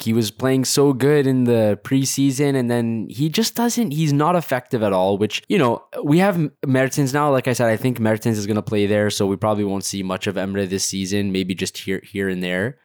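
A man's voice: fairly low pitch, moderate pace, hardly any pauses, darkish tone, clear, resonant tone, dry recording, clean studio sound. A man co-hosting a casual football podcast, giving blunt, frank opinions. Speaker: podcast co-host.

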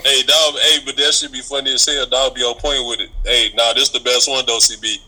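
A man's voice: medium pitch, steady tone, a little fast, pushed and bright, poor audio. A man co-hosting a podcast, teasing the others in slangy, joking banter. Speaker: podcast co-host.

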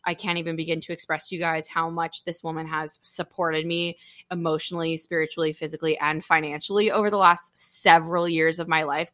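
A young woman hosting a podcast, talking candidly and telling stories with an open, animated manner. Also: on the low side, no echo, studio quality. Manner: open, animated storytelling with frequent laughter. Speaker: podcast host. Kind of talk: candid casual podcast chat.

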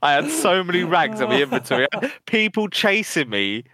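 A man's voice: fairly high pitch, sing-song, normal speed, sharp tone, dry recording. A man co-hosting a casual gaming podcast, swearing freely and laughing as he tells trolling stories. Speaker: podcast co-host.

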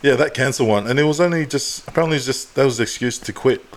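A man's voice: medium pitch, quick pace. A man co-hosting a rugby podcast, casually chiming in with short, laid-back replies. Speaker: podcast co-host. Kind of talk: casual chat.

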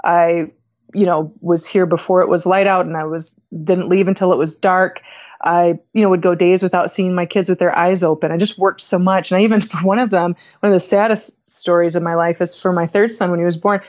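A woman's voice: lowish voice, steady tone, fairly quick, a little mellow. Candid, reflective middle-aged woman on dull audio. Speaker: podcast guest, company founder. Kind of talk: casual conversation.

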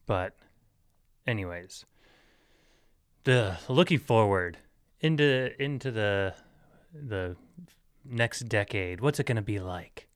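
This is a man talking on his own podcast, his voice low-set and smooth, recorded close and dry with no room around it. He wanders from thought to thought with lots of "like" and "uh", chuckling at his own jokes. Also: expressive, slow pace, long pauses, no echo. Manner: rambling, filler-heavy, laughs at his own jokes; joking, mock-serious asides. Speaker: podcast host. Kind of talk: solo casual podcast rambling.

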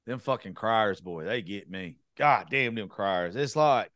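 A man's voice: lowish voice, animated, unhurried, fairly bright tone, no echo, studio quality. A young man hosting a podcast, talking bluntly in a casual, profane rant. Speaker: podcast host.

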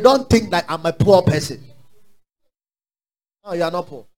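Man, Ghanaian accent, high voice, pastor, sermon, call-and-response, quiet asides and loud declarations. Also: lively intonation, moderate pace, long pauses, faint music behind. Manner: exhorting call-and-response preaching; swings between low asides and loud declarations.

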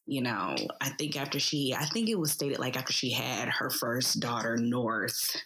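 A woman's voice: very deep voice, lively intonation, normal speed, fairly bright tone, slight background noise, low-quality recording. A woman co-hosting a casual podcast chat from her bedroom, musing hesitantly with many restarts. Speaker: podcast co-host.

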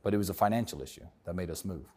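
This man speaks with a British accent in a low, slightly husky voice. He answers questions conversationally but with emphasis, leaning on repeated phrases to drive his points home. His tone stays low and a little rough. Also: rapid-fire, a little mellow. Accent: British English. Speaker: interview guest.

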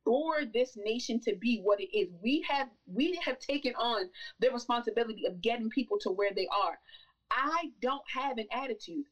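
A woman with a fairly high voice speaks with conviction, pressing her points harder and harder. She sits a little away from the microphone, so her voice carries some distance. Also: muffled recording. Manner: emphatic, building to forceful insistence. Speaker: podcast guest. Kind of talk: impassioned conversational talk.

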